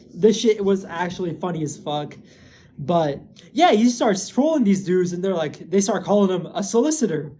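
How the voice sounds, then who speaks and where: A man's voice: high-pitched, a little hiss or hum. A man casually recapping a TV episode, rambling with lots of filler words and swearing. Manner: gets excited and loud when hyping. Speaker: show recap host.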